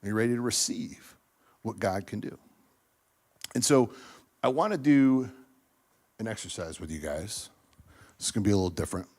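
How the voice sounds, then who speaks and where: A man preaching to a church business group in a casual, animated way, acting out quoted voices with lots of fillers and restarts. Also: lowish voice. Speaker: speaker at a church business ministry meeting. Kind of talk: energetic preaching talk.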